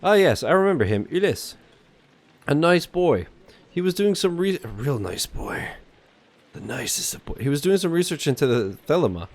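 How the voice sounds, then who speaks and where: A man's voice: on the high side, sing-song, voice pushed up. A man doing a polite old bookseller. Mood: courteous. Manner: polite, unhurried, old-fashioned phrasing. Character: elderly mustached male bookseller, courteous.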